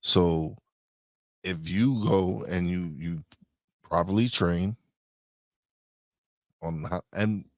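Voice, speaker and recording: A man's voice: low-pitched, drawn-out words, long pauses, no echo, clean studio sound. A man co-hosting a podcast in casual chat, talking bluntly and emphatically in slang and often repeating himself. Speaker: podcast co-host.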